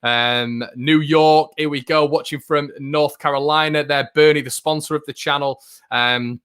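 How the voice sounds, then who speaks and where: A chatty young man hosts a football watchalong from his room, with a slightly raised pitch. He reads out viewer comments in a loose, upbeat way, full of fillers. His voice jumps higher when he gets excited. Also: measured pace, clean tone. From England. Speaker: fan channel host.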